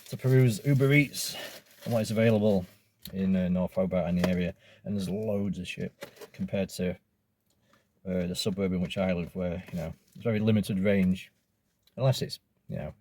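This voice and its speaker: A man's voice: low-pitched, moderate pace, mellow, slight background noise. A man with an Australian accent, casually rambling and swearing as he reviews takeaway food in a vlog.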